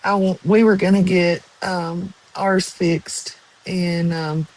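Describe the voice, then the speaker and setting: A woman's voice: fairly low pitch, fairly even intonation, a little mellow, poor audio. A woman chatting casually and rambling to viewers on a live stream. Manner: slow, rambling, with many ums and likes.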